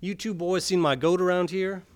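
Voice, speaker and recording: A rustic old farmer with a thick rural drawl, as a poet puts him on mid-reading. His voice rides a little higher and louder than the reader's own, folksy and unhurried. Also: fairly even intonation, lightly acted.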